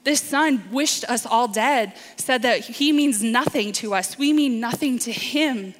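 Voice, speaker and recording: A woman's voice: on the high side, measured pace. Woman doing a bitter older brother type, indignant and complaining, echoey hall. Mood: resentful. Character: angry, resentful older son, young man. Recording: reverberant hall.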